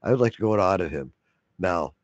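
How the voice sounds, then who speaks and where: A man's voice: sits low, lively intonation, fast talker, no echo, lo-fi sound. A man telling a long profane story in a casual way, laughing often and acting out the other voices. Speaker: video blogger.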